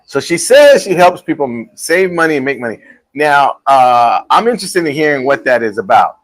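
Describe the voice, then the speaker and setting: A man's voice: medium pitch, big pitch swings, moderate pace, low-quality recording. Male host, rambling and chuckly, live talk show, restaurant. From Texas. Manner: rambling storyteller, laughs often.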